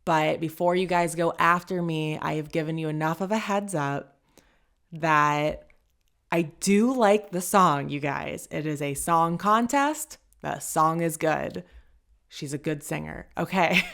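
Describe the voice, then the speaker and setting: A woman's voice: low-pitched, creaky, fairly bright tone. A woman hosting a casual commentary show, chatty and hedging, often laughing as she talks. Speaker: podcast host.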